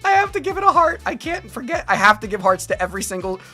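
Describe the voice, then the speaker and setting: Bright-voiced woman streamer reading chat. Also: on the high side, soft background music. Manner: animated, rambling, quick to laugh. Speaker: VTuber streamer. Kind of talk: casual live-stream chat, reading viewer comments.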